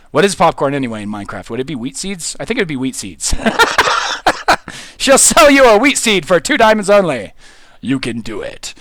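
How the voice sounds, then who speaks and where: Brief: excitable man streaming a game, rambling and giggly, higher-pitched with a very animated voice. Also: a little slow, pauses often, no room sound. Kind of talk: casual live-stream commentary.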